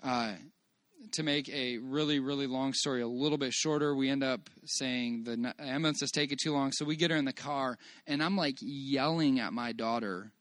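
A man telling a personal church testimony to a congregation in a church meeting room, earnest and halting as he restarts phrases and praises God. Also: mid-range voice, a bit bright, no room sound. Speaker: father giving a church testimony.

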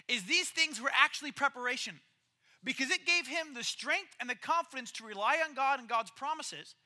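A male preacher with an unusually high voice tells a sermon like a story. His tone is very bright and sharp, and he keeps it conversational and animated. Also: normal speed. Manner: lively, conversational, acts out quoted characters.

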